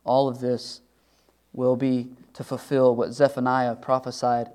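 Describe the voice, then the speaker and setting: A man's voice: mid-range voice, little pitch movement, measured pace, a little mellow, clean tone. A man preaching a sermon as pastor, earnest and conversational, with loose restarts.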